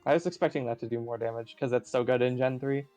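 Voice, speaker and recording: A man's voice: mid-range voice, fairly even intonation, quick pace, darkish tone, dry recording, faint music behind. An American man chatting casually while playing a game online, rambling and often restarting his sentences. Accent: General American. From United States. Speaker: co-streamer. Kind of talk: casual gaming chat.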